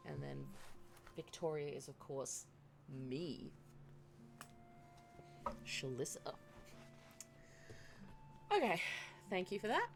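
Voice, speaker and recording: A woman's voice: low voice, sing-song, takes it slowly, creaky, long pauses, music in the background. A woman live-streaming a game, chatting casually and thinking aloud in a chatty, self-deprecating way. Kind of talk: casual gaming stream chat.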